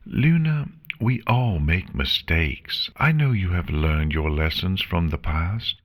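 A man voicing a gentle, regal elder pony princess in a fan fiction reading, speaking in a soothing, reassuring way. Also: low voice, animated, takes it slowly, full character voice. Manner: warm, soothing, reassuring speech.

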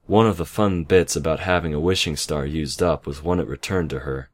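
A man calmly reading a fantasy story aloud in measured narration, over background music. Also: a bass voice. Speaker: story reader.

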